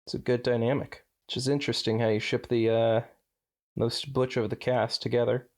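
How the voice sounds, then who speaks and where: A man co-hosting a podcast, reading fan fiction aloud with relaxed chatty asides. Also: mid-range voice, normal speed. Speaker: podcast co-host. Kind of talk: casual chat and read-aloud.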